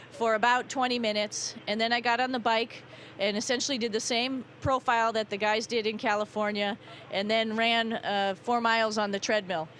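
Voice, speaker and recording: A woman astronaut with a Boston accent, chatting in a relaxed way with many fillers during a live interview from the space station. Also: mid-range voice, slight background noise. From New England, USA. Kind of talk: live downlink interview answers.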